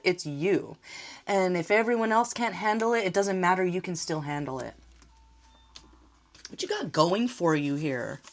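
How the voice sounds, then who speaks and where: A woman giving a casual spoken tarot reading, talking in a rambling, emotional way and often laughing. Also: lowish voice. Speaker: tarot reader.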